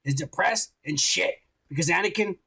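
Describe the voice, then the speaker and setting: Crude rambling man with a gravelly, high voice. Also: moderate pace, sharp tone. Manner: rambling, crude, teasing, lots of filler yeahs. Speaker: podcast co-host. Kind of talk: casual profane nerd chat.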